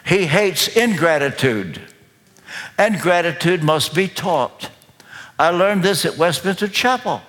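A man with a Kentucky accent preaching a sermon as pastor, slow, deliberate and emphatic. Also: high voice, fairly bright tone. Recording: long reverb of a large hall.

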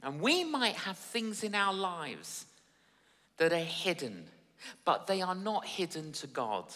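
Male preacher for a sermon: emphatic, repeats lines, slow, lively pitch, bright tone, hall echo. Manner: emphatic, repeats phrases for effect. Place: church service.

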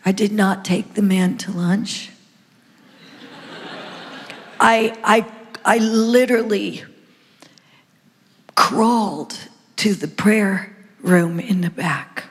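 A woman's voice: medium pitch, slow pace, pauses often, breathy edge. A woman preacher giving a dramatic sermon testimony, stammering through restarts and dropping into whispers. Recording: long hall reverb.

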